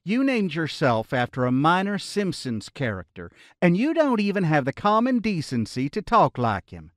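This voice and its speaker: A man's voice: on the high side, big pitch swings, normal speed, no room sound, pitched above the performer's own voice. A wry young woman adventurer with a distinct southern twang, put on by a male narrator, scoffing good-naturedly and teasing her companions. It is read in a dry, close audiobook voice. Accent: American Southern.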